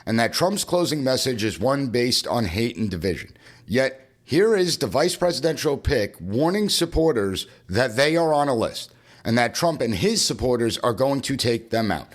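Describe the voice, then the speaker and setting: A man's voice: mid-range voice, big pitch swings, moderate pace. Man, podcast host, political commentary, emphatic, punchy delivery, mid-range voice. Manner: emphatic, punchy, repeating for effect.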